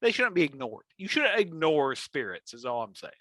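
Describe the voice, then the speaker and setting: A man's voice: on the high side, big pitch swings, normal speed, a bit bright, no echo. A man co-hosting a podcast, musing and rambling in casual chat. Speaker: podcast co-host.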